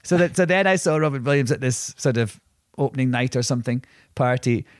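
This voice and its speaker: A man's voice: medium pitch, fairly quick, no echo. Rambling man telling anecdotes, dry mic. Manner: rambling, self-interrupting anecdotes with many restarts. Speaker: podcast co-host. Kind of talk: casual storytelling chat.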